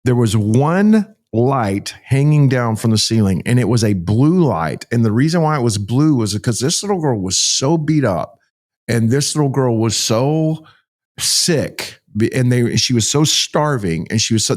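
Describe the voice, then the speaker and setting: A man's voice: mid-range voice, expressive, normal speed. A middle-aged man, a pastor talking as a podcast guest, tells a story vividly, acting out the dialogue and repeating phrases for emphasis. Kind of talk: emotional storytelling in conversation.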